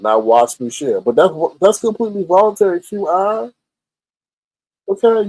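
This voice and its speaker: A man's voice: fairly high pitch, darkish tone, no room sound, poor audio. A man hosting a live stream, chatting sassily with his chat and reacting to their messages. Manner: sassy, chatty, talks straight to chat. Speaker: livestream host reading chat. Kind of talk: casual live-stream commentary.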